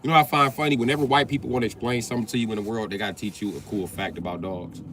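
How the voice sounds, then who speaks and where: A man's voice: mid-range voice, fairly even intonation, rapid-fire, few pauses, a bit bright, slight background noise. An American man doing a live-stream comedy rant, riffing and swearing, and repeatedly addressing one listener. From United States.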